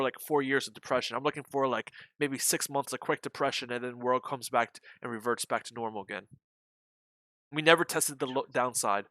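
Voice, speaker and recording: Here the host of a live day-trading stream talks markets in a rambling, casual way, with hiccups, repeated restarts, and an occasional curse. The recording has no room sound, and his mid-range voice has a sharp edge.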